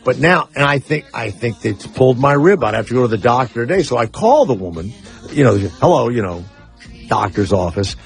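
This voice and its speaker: A man's voice: mid-range voice, expressive, a little fast, vocal fry, husky, soft background music. A man hosting a talk radio show, telling stories in a brash, casual way and swearing freely. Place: radio studio.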